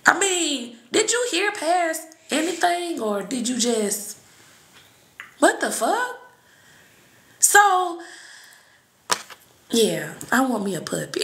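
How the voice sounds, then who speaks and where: A woman reading and chatting on a live stream, blunt and profane, with sudden shouts and laughs. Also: sits high, sing-song, moderate pace, gravelly, echoey room. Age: adult with children. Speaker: psychic reader on a live stream. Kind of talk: casual live-stream talk.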